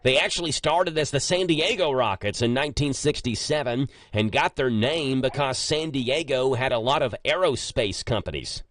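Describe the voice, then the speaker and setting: Lively joking radio host man. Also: mid-range voice, normal speed, hardly any pauses. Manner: chatty, joking, animated storyteller. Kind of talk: casual morning radio chat. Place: radio studio. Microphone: studio microphone.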